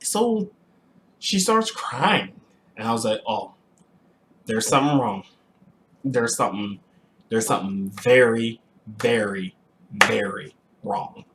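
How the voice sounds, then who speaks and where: A young adult man casually recounting a personal story to the camera, animated, with frequent restarts and throat clearing. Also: on the low side, slow, pauses often, background noise. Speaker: vlogger telling a personal story.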